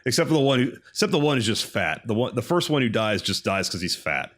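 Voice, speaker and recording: A man co-hosting a casual podcast, ranting in an animated, profane way. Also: medium pitch, fast. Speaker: podcast co-host. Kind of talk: casual chat.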